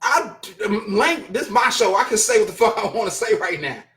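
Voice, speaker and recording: A man's voice: high-pitched, lively intonation, moderate pace, a bit bright. A man hosting his own show, talking casually to his chat in a blunt, profane, exasperated rant. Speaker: show host reading chat. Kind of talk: casual live-stream commentary.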